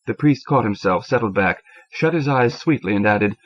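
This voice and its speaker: A man reading a short story aloud, measured and expressive. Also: lowish voice. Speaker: audiobook reader. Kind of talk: scripted narration. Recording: dull lo-fi cassette audio.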